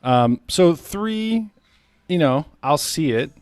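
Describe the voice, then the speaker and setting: A man's voice: a little high, expressive, slow, a little mellow, clear, resonant tone, dry recording. A man co-hosting a podcast in casual chat, laid-back and swearing, with lots of fillers. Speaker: podcast co-host.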